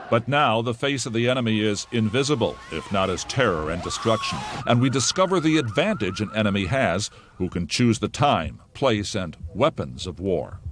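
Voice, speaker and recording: A man narrating a scripted news essay in a grave, deliberate way. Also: lowish voice, slight background noise. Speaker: correspondent.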